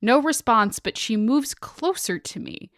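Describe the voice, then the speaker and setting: A woman's voice: on the high side, expressive, a little slow, a bit bright, no room sound, clean studio sound. A woman podcast co-host reading out a listener's spooky story in a casual, dramatic, swearing way.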